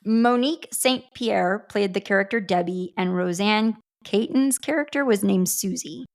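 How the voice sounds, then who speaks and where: A woman co-hosting a podcast in casual movie chat, reacting aloud to each scene in an animated way. Her voice sits in a middle register. It is recorded close and dry, with no room sound. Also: mid-range voice, moderate pace, no echo. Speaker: podcast co-host.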